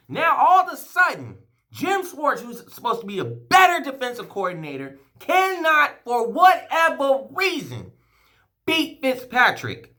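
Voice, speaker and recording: A man vents in an emotional fan vlog, cursing freely and tripping over his own restarts. His pitch swings wildly from low grumbles to high outbursts, and his voice has a bright, tense edge. The delivery is heated and rambling. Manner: heated, profane, emotional rant. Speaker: sports fan vlogger.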